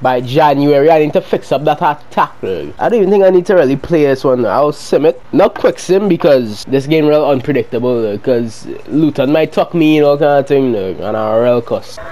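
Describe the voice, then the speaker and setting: A young man giving heated, profane commentary while playing a football video game, often shouting at his players. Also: fairly high pitch, fairly quick, few pauses, poor audio. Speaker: gaming video creator.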